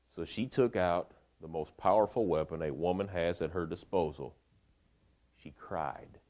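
Low-voiced preacher, casual storytelling. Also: male voice. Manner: colloquial, animated retelling. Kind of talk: sermon storytelling.

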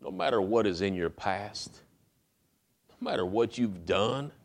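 A man's voice: on the low side, a little slow. A male pastor preaching a sermon in a folksy, conversational way, often repeating words as he builds his point.

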